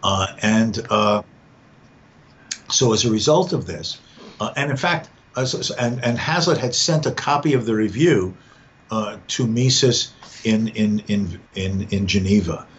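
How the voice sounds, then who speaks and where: Low-voiced man on a dull lo-fi line. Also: unhurried. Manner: thoughtful, repeats words as he gathers thoughts. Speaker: podcast guest. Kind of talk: conversational podcast discussion. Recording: dull lo-fi sound with faint background noise.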